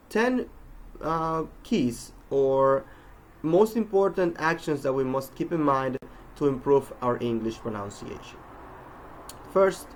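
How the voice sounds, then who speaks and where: A man giving an instructional talk on pronunciation, speaking in a measured way with frequent um and uh fillers. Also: on the high side, slight background noise. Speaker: English pronunciation teacher.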